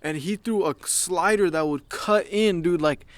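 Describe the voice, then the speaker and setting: A young man co-hosting a podcast, telling animated, profanity-filled stories and acting out what people said. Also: sits high, a little slow, no room sound. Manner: animated storytelling, heavy swearing, acts out quotes. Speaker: podcast co-host. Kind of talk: casual chat.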